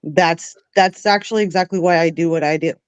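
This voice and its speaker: A woman's voice: fairly low pitch, fairly even intonation, brisk, smooth, no echo. A woman guest on a casual podcast who speaks earnestly and often murmurs in agreement.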